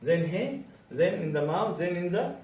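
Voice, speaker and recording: A man teaching a bedside clinical exam to students, animated and quizzing them repeatedly. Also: high-pitched, measured pace. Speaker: medical exam tutor. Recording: roomy, distant, faint background hum.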